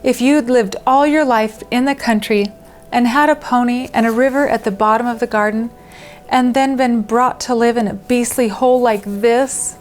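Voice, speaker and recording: A woman's voice: fairly high pitch, steady tone, moderate pace, faint music behind, lightly acted. A woman voicing a grubby, miserable young boy who is wound up and upset, in a storybook reading.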